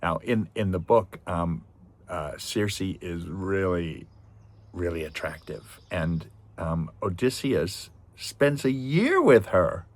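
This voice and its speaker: Deep husky guy rambling through a movie review, lots of tangents. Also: slow. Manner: chatty, digressive, animated retelling. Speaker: vlogger reviewing a film. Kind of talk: casual spoken review.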